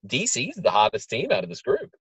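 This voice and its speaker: A man's voice: on the high side, wildly swooping pitch, fast talker, vocal fry, husky. A man co-hosting a soccer podcast, giving blunt analysis and often restarting words as he builds his point. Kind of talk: casual sports analysis.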